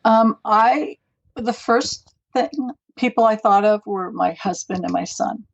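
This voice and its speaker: A woman's voice: mid-range voice, unhurried, creaky, no room sound, highs cut off. A middle-aged woman, a guest on a podcast, telling stories in a chatty, rambling way. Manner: chatty, rambling, warm storytelling with laughs. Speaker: guest, mental health advocate. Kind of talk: casual interview chat.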